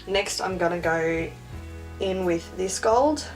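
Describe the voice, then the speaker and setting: A woman's voice: on the low side, slow, faint music behind. A young woman chatting casually and self-mockingly through a makeup tutorial. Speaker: beauty vlogger.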